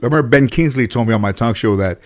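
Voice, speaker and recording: Speaking very fast in a mid-range voice, this interview guest rambles through lengthy stories, stumbling over fillers and restarts. In the casual chat, he becomes animated whenever he imitates people he's quoting.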